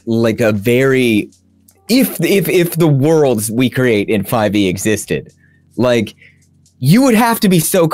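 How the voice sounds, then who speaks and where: Laughing man riffing, lively tone. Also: mid-range voice, no room sound. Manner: laughing, loose, swears casually. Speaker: podcast co-host. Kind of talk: casual chat about tabletop games.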